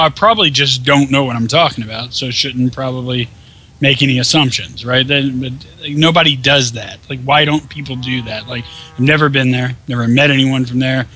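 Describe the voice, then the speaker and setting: A man's voice: medium pitch, bright, forceful tone, slight background noise, rough recording. A man ranting in casual chat over gameplay, swearing often and sounding incredulous. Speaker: gaming co-host.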